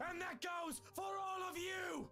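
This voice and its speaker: A woman voicing a protective young man who shouts angry threats in a game reading, with game music behind. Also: low-pitched, very animated, unhurried, full character voice. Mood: furious.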